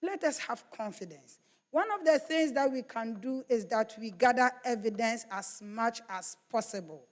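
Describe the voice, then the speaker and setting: A woman's voice: on the high side, expressive, normal speed. A woman giving an earnest workshop speech to students, repeating her key points. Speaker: university official addressing students. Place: large conference hall. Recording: reverberant conference hall.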